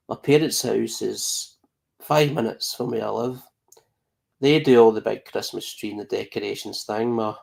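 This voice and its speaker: Man, heavy vocal fry, casual rambling podcast chat. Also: medium pitch, darkish tone. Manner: rambling, many fillers and restarts. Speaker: podcast panelist. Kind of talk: casual live discussion.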